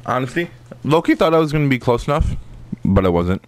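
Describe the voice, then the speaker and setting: A man casually commentating his own online fighting game matches, swearing often and getting excited at each hit. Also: medium pitch, fairly quick, a little hiss or hum. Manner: profane, excitable trash talk. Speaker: gaming commentator.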